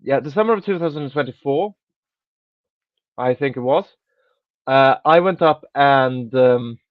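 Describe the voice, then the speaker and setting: A man's voice: mid-range voice, unhurried, dry recording. A man telling a rambling story in casual podcast chat as host, restarting sentences and swearing offhandedly. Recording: dry, dull lo-fi sound.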